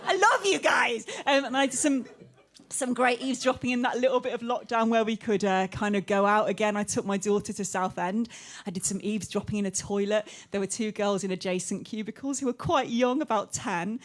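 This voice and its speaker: A woman from England doing live stand-up in a comedy club. She talks quickly and casually, swears a lot and fills her pauses with "um". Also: medium pitch. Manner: chatty, quick, sweary, many ums.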